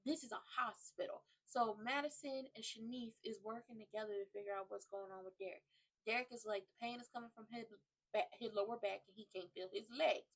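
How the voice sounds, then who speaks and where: A woman hosting a soap opera recap, talking in a blunt, animated, profane, casual way. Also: on the high side, fairly quick, low-quality recording.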